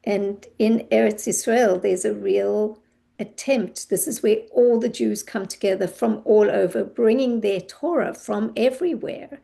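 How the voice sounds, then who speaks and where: Woman teacher, dark gravelly voice, measured and thoughtful delivery. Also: medium pitch. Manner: thoughtful, searching for words with restarts. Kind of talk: class discussion.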